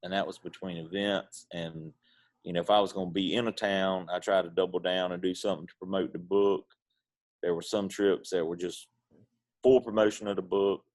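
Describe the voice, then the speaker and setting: Man, Eastern North Carolina accent, very deep voice, drawling, relaxed interview guest. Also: normal speed. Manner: laid-back Southern storytelling, drawling. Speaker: guest, pitmaster. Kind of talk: casual interview chat.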